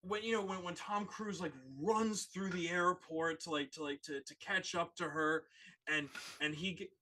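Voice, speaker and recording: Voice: mid-range voice, fairly even intonation, normal speed, sharp tone, poor audio. A speaker in casual podcast chat, telling a story animatedly and using lots of "like" fillers.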